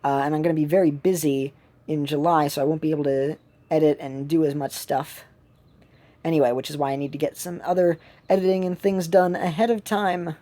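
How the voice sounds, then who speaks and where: A woman's voice: low voice, fairly even intonation, brisk, warm tone. A woman giving rambling, casual commentary while streaming a mobile game from home, with many fillers and restarts.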